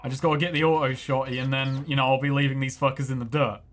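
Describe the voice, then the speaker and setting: A man's voice: mid-range voice, flat delivery, fast talker, a bit bright. A man casually chatting and joking while playing a game on a livestream, swearing freely and poking fun at himself. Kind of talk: casual gaming livestream banter.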